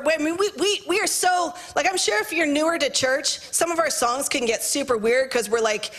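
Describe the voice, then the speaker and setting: A woman pastor delivers a sermon in church, her voice pitched high. She moves from fervent, near-shouted declarations to quiet, chatty asides to her congregation. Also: lively intonation, normal speed. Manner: impassioned, rising to shouts, then hushed and conversational.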